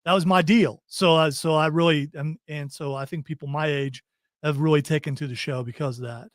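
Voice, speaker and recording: A middle-aged man hosting a podcast, chatting playfully about pop culture and firing off quick teasing questions. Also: on the high side, fairly even intonation, no room sound, clean studio sound. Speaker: podcast host. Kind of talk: casual pop-culture chat. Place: studio.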